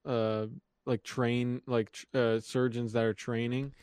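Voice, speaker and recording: A man's voice: mid-range voice, flat delivery, a little mellow, clear, resonant tone, no echo. Easygoing young man on a podcast. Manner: easygoing, agreeing, halting. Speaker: podcast co-host. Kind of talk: casual chat.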